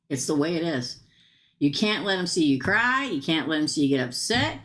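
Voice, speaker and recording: A middle-aged woman giving a live tarot reading, chatty and emphatic, repeating her advice. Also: on the low side. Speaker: tarot reader.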